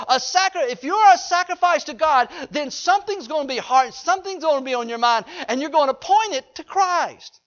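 A man's voice: very high-pitched, fairly bright tone. A man preaching a sermon in a folksy way, joking with the congregation. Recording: dull lo-fi recording.

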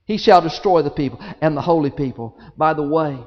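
A man preaching a sermon to a congregation, with big swings in pitch and loudness and many rhetorical questions. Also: a little fast. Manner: speaks to the congregation directly, asks rhetorical questions. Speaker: pastor. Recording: dull audio in a large reverberant hall.

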